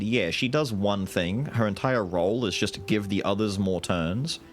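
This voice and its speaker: A young man streaming a video game, chatting casually with jokes and rambling asides. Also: lowish voice. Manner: animated, joking, rambling. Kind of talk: casual live gameplay commentary. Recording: game music in background.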